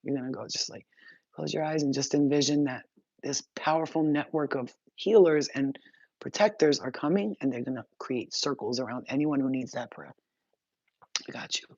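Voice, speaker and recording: A woman's voice: a bass voice, normal speed, darkish tone, dry recording. A woman spiritual healer chatting casually on a livestream, reassuring and blunt, with a sweary streak. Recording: dull, dry lo-fi sound.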